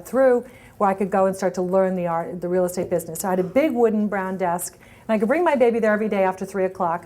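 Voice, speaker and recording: A middle-aged woman speaks to an audience about her early struggles, her voice rising and falling as she acts out what people said to her. She talks in looping, unscripted sentences full of restarts. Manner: animated storytelling with many restarts, acting out quoted lines in a higher voice. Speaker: speaker at a networking event. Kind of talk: personal storytelling talk.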